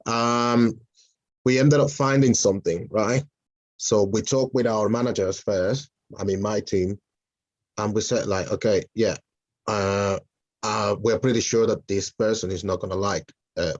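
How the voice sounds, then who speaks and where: A man's voice: fairly low pitch, steady tone, a little slow, dry recording, muffled recording. Hesitant man with a Spanish accent. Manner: hesitant, many fillers and restarts. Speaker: mentoring session participant. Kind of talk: casual group video call. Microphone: video call.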